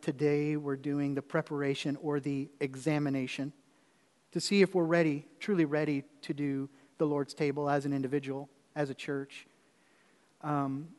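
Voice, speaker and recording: A man's voice: a little high, big-room sound. A man preaching as pastor, telling a personal story in a conversational way with repeated phrases before moving into the sermon.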